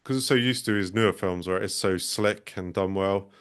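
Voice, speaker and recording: Man, lowish voice, film podcast co-host, hesitant, thinking aloud. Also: moderate pace, music in the background. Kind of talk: casual film chat.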